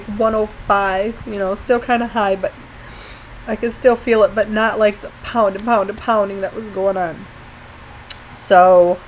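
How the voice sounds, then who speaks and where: A woman telling an emotional personal story after surgery, halting and apologetic, often near tears. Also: medium pitch, a little hiss or hum, rough recording. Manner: tearful, apologetic, halting with fillers. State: post-surgery, pained when coughing. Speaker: vlogger.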